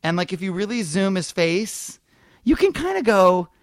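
A man hosting a show, telling a story in a casual, animated and profane way. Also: high voice, normal speed, dry recording. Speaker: podcast host. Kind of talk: casual chat.

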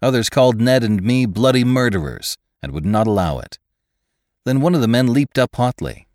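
A man reading an adventure story aloud as a podcast narrator, in expressive scripted narration. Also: mid-range voice, moderate pace, dry recording, studio quality. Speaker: podcast reader.

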